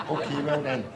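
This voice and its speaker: An actor with a Scottish accent playing a cheeky man who delivers corny pub jokes with slow smugness. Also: medium pitch, very noisy. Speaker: sketch comedy actor. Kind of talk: TV sketch comedy acting.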